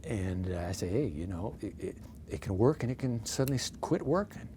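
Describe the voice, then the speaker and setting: A pastor in his sixties, guest in an interview, telling stories in a lively way with self-deprecating humor. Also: lowish voice, fairly quick, a little hiss or hum. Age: 60s. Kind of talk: storytelling in a casual interview.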